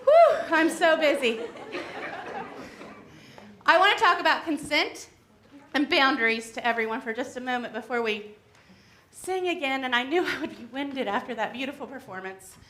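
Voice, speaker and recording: Lady talking to the kids at church, simple gentle words, high voice. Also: animated, a little fast, slight background noise. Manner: gentle, simple explanations aimed at children. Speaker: worship leader for a children's segment. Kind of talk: time-for-all-ages talk to children. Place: church sanctuary.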